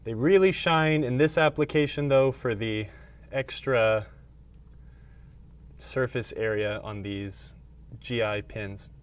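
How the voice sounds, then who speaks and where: A man fiddling with stubborn connector pins while he chats, his voice sitting in a mid-range pitch. He grumbles and makes dry jokes about himself as he works. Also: slow, long pauses, clear, resonant tone. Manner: grumbling, self-deprecating about the repair. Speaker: pinball repair technician on a live stream. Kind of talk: casual live-stream chat while working.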